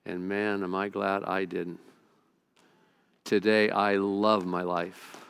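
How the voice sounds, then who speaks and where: A man's voice: low-pitched, little pitch movement, slow pace, gravelly, fairly bright tone, smooth. A middle-aged male pastor preaching a sermon, telling a personal story earnestly, with frequent stammered restarts.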